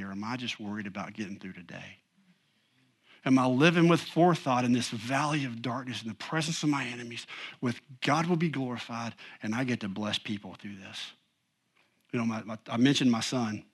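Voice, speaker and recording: A man's voice: medium pitch, a little fast. Male pastor, 40s, conversational sermon delivery, emphatic, folksy asides. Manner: conversational, emphatic, frequent "you know".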